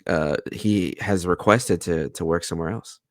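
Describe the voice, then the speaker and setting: A man's voice: low-pitched, moderate pace, dry recording, studio quality. A man co-hosting a casual TV recap show, steadily retelling the plot with fillers like "you know". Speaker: podcast co-host.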